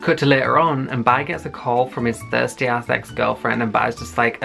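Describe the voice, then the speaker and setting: A young man recapping a web series in a loose, rambling way, full of fillers and swearing. His voice has a gravelly edge at a middle pitch, with a faint musical bed behind him. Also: flat delivery, moderate pace, hardly any pauses, bright, forceful tone, soft background music. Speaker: YouTube reviewer.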